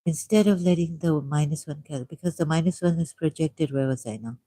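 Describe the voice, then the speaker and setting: A man with a Pakistani accent hosting a livestream, reading a text aloud at a deliberate pace with musing asides and repeated key words. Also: fairly high pitch, warm tone, no room sound. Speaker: livestream host.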